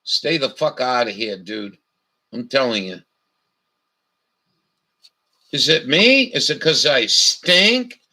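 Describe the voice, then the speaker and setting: Slow, ranting, profane man. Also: mid-range voice, lively intonation, pushed and bright. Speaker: vlogger. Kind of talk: profane storytelling rant. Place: camper.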